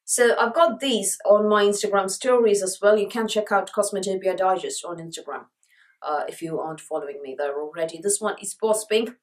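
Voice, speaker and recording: A woman's voice: mid-range voice, brisk, poor audio. A woman beauty vlogger with a sore throat, talking around a lozenge in a chatty, enthusiastic product review. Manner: chatty, enthusiastic, repeats words for emphasis.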